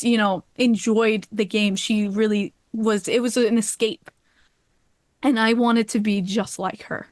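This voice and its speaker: A woman guest on a podcast telling a heartfelt personal story, animated and quick to laugh, getting choked up. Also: mid-range voice, no room sound, studio quality.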